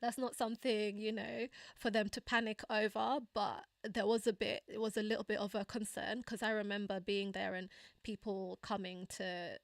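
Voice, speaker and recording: A woman's voice: flat delivery, moderate pace, gravelly, dry recording, clean studio sound. Chatty woman telling a story. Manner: chatty, laughing often, frequent fillers and asides; acts out quoted dialogue in a higher voice. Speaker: channel host. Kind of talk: casual storytelling livestream.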